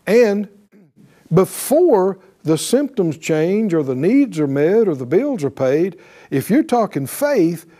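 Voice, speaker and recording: Slow, high-voiced preacher man. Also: dark tone. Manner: emphatic, calls for responses with "right?"; reads scripture aloud, shifts into voiced quotes. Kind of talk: sermon.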